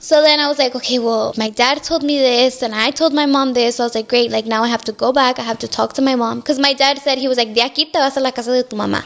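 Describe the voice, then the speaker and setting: A woman's voice: high-pitched, fairly even intonation, quick pace, few pauses, a bit bright. A young adult woman, a podcast guest telling her personal story candidly and acting out what others said to her. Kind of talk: personal storytelling in casual chat.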